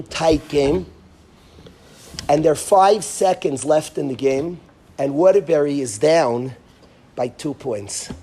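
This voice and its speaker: A man, a rabbi giving a parenting lecture, telling a vivid story that swings from hushed to emphatic. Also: a little high, breathy edge.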